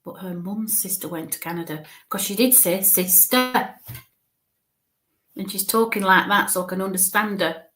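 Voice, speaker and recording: A woman medium relays impressions in a live reading with a mid-range voice. She talks haltingly, often breaks off to search for a word, repeats herself and keeps checking in with the listener. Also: medium pitch, bright, forceful tone, faint music behind. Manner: searches for words mid-sentence. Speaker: spiritualist medium.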